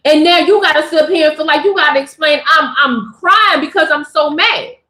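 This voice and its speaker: A high-voiced woman hosts a spiritual livestream. She preaches to her chat in animated, slangy talk. Her voice rings in a roomy, echoey space. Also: brisk.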